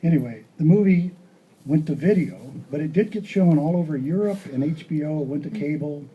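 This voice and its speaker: A man giving an art talk, telling stories in a rambling, animated way and acting out dialogue. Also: on the high side, normal speed, highs cut off. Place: gallery or hall.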